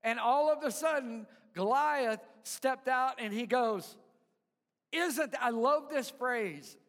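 Male pastor, very high voice, slow emphatic sermon with congregation call-outs, recorded in a reverberant hall. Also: a bit bright. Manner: stammering repeats of words.

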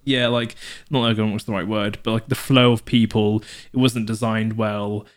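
His voice is lowish, clear, and resonant, his delivery flat at a normal speed. Co-hosting a podcast casually, this man wanders through his points with fillers and restarts, self-correcting as he goes, and animates anecdotes by putting on voices.

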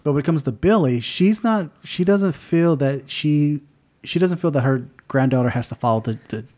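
A man co-hosting a podcast in a casual movie-review chat, talking with many restarts and fillers and acting out quoted lines with big jumps in pitch. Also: lively intonation, normal speed, dark tone. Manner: lots of restarts and filler words. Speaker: podcast co-host.

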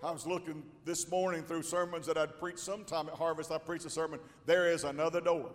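A male pastor preaching a sermon to a congregation, building from slow, measured lines to shouted, drawn-out exclamations. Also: on the high side, level tone. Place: large church hall. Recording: long hall reverb.

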